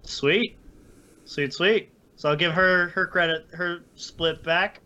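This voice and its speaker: A man playing in a tabletop game, speaking in a relaxed, playful way. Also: high-pitched, slow pace, muffled recording. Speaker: player.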